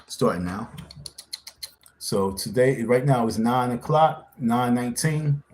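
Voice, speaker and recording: A man's voice: medium pitch, takes it slowly, a little mellow, slight background noise. Insistent man ranting on a livestream. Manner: repetitive, insistent and confrontational. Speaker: livestream host. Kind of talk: casual livestream rant.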